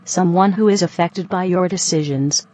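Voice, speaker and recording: An actress playing a female robot who speaks in a flat, formal, stilted way. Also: on the low side, moderate pace, close to an everyday voice. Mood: stiff. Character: stiff female robot leaving her partner.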